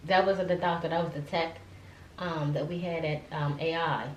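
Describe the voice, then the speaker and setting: A woman's voice: deep voice, steady tone, moderate pace. Mother retelling a hard day, echoey room. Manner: tells the story with many fillers and restarts, becoming tearful and emotional. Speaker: guest mother. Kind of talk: emotional personal storytelling. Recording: echoey room with faint ambient noise.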